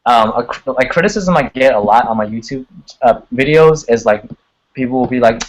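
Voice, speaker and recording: A man's voice: medium pitch, a little fast, poor audio. Laid-back man chatting on a video call. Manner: laid-back, chatty, curses casually, laughs often. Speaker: singer, guest. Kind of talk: casual live video chat. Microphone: computer on a video call.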